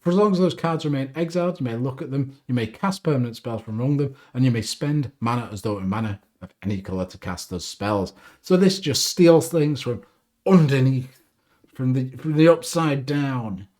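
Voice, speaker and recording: A man talks through his favorite cards, reading out their rules and reacting with upbeat asides. His pitch swings widely as he speaks. His tone is casual and chatty, like a regular host of his own show. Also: brisk. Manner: reads card text aloud, animated, self-deprecating asides. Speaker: deck review host. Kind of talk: casual card game commentary.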